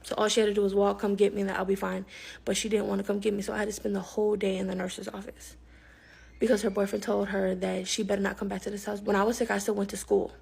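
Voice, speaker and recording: A young woman telling a personal story in a rapid, emphatic way, acting out the people she quotes. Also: mid-range voice, flat delivery, creaky, darkish tone, breathy edge. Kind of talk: storytime narration.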